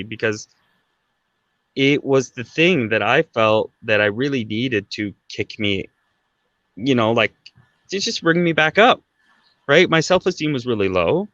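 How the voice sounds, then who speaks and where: A man's voice: medium pitch, lively intonation, unhurried, a bit bright, no room sound, highs cut off. A man in his thirties from Canada, guest on a podcast, telling a personal story in a casual, chatty way, often tagging sentences with "right?". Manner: conversational, fillers like "right?" and "like".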